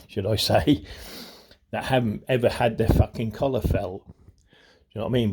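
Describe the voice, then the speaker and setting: A man's voice: on the low side, a little mellow, slightly rough. A man ranting angrily to camera in a rambling, profane way, often repeating "you know what I mean", his voice strained with anger. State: voice strained when angry. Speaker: vlogger. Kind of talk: angry rant to camera.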